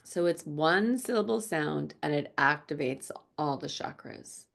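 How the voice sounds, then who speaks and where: Woman, yoga teacher, soft-spoken, low voice, slight vocal fry. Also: animated. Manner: slow, soft-spoken, drifts into quiet chanting. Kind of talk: gentle guided class teaching.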